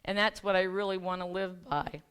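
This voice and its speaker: A woman life coach, appearing as a guest speaker, delivers a chatty, self-deprecating sermon in a church sanctuary, sharing a personal story and laughing with the congregation. Her voice is lowish, clear, and resonant, fairly bright in tone, with a flat delivery at a moderate pace.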